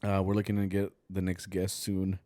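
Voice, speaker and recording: A congested young man talks loosely on a podcast, laughing often and switching into Spanish phrases. His voice sits fairly low and is recorded close and dry, with almost no room sound. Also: completely flat delivery, moderate pace, dark tone, dry recording. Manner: laid-back, swears and mixes Spanish phrases, laughs often. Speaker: podcast co-host. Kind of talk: casual chat.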